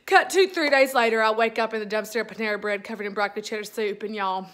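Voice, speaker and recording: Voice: medium pitch, fast, a bit bright, lightly acted. A performer playing a gossipy middle-aged church woman, giggling through a dramatic confession. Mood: chatty. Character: giddy middle-aged Southern church lady on social media. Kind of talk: comic character monologue.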